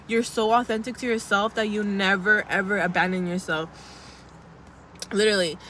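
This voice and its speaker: A woman's voice: mid-range voice, steady tone, moderate pace, a bit bright, a little hiss or hum. A young woman in casual, blunt pep-talk mode, chatty and sweary, calling her viewers girl as she vlogs. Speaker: vlogger.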